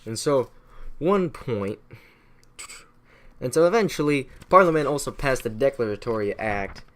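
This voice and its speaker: A man's voice: medium pitch, expressive, a little slow. A man giving a casual, irreverent history recap, swearing freely and rambling off on tangents. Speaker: history explainer.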